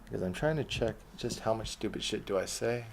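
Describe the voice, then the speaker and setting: A young man rants to camera in a profane, sarcastic, rambling way, jumping from loud outbursts to low mutters. His voice sits fairly low with a gravelly, fried edge. A faint hiss of background noise runs under it. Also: a little fast. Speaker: vlogger. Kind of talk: ranting monologue to camera.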